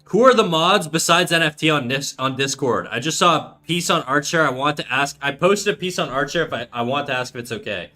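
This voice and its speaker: Bright-voiced man in his thirties, casual streamer. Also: a little high, animated, brisk, hardly any pauses, faint music behind. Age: 30s. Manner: profane, laid-back, reads chat aloud. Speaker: art livestreamer. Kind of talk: casual livestream chat.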